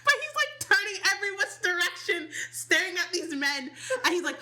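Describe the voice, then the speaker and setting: Bright-voiced woman podcast co-host. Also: very high-pitched, fairly quick. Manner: animated storytelling, laughs often, acts out quotes. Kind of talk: casual chat.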